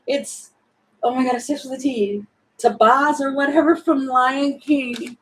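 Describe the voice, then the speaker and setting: A woman's voice: high-pitched, takes it slowly, pauses often, poor audio. A woman doing a casual, spontaneous tarot reading, thinking aloud, rambling and giggling as she goes. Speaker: tarot reader.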